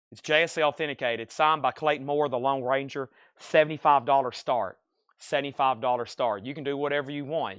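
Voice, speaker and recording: Speaking at medium pitch with a fairly bright tone, a record shop seller works a live sales stream. He runs through prices, record conditions and buyer thank-yous in a relaxed, chatty patter, and the recording is dry.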